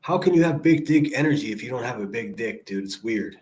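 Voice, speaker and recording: A man's voice: medium pitch, lively intonation, a little fast, a little mellow. A man hosting a livestream, giving blunt, rambling commentary full of swearing. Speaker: livestream host. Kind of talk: profane casual commentary.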